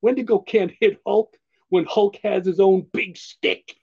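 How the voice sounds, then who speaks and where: Brief: hulking green male brute, broken blunt speech, a man reading it out, husky and fairly high. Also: fairly even intonation, unhurried, a little mellow, dull audio, full character voice. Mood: gruff. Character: hulking green male brute who speaks of himself in third person.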